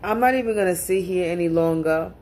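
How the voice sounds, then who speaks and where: A woman's voice: lowish voice, quick pace, darkish tone. Blunt, cursing woman venting to camera. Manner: blunt, profane, restarts and repeats words. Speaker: spiritual reader. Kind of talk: casual monologue to camera.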